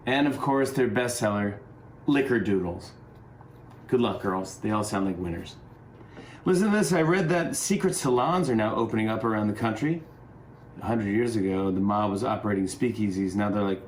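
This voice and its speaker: A man's voice: on the low side, normal speed, a little hiss or hum. A middle-aged man hosting a talk show from home, delivering a joking comedy monologue with an upbeat, rambling manner.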